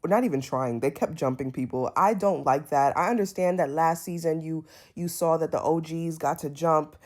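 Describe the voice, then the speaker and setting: A young woman from Brooklyn, giving a blunt, animated, casual review of a reality show. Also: low voice. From Brooklyn, New York. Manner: animated, sassy, blunt commentary with quick asides. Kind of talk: casual episode review vlog.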